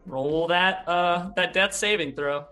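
A man's voice: sits high, slow, sharp tone, faint music behind. A man narrating a tabletop role-playing game as game master, rambling with many fillers and restarts.

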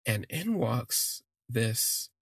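A man tells a personal story in a gravelly, husky voice, rambling and stopping to correct himself. The recording is close and dry, with no room sound. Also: medium pitch, sing-song, extremely slow, a bit bright, no room sound. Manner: rambling, self-correcting, gushing. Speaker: podcast storyteller.

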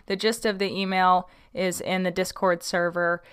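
A woman's voice: lowish voice, little pitch movement, normal speed, smooth. A young woman hosting a casual podcast, reading out a listener's question and chatting about it with many ums and likes. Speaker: podcast host.

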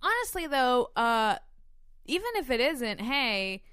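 Smooth-voiced young woman, chatty and rambling. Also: high-pitched, big pitch swings, slow pace, fairly bright tone, no echo, studio quality. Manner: rambling, swears freely, laughs often. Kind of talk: casual chat.

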